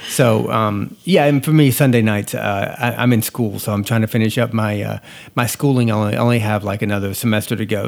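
Gravelly, thoughtful young dad. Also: male voice, on the low side. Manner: slow, thoughtful, many restarts. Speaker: podcast co-host. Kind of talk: casual couple's podcast chat.

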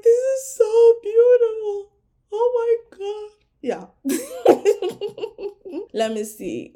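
Mellow-voiced young woman chatting casually. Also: mid-range voice. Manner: chatty, frequent "like" fillers, laughs easily. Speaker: podcast host. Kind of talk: casual solo podcast chat.

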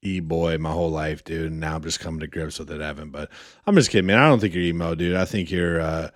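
A man's voice: rumbling low, quick pace, dry recording, studio quality. A man co-hosting a podcast in casual banter, laid-back and tossing in "man" and "dude" constantly. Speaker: podcast co-host.

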